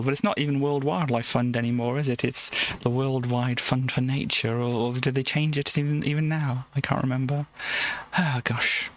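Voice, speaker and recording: A woman streaming live, chatting casually and giggling as she reads through an old games magazine. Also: a bass voice. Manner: chatty and giggly, trailing off into soft asides.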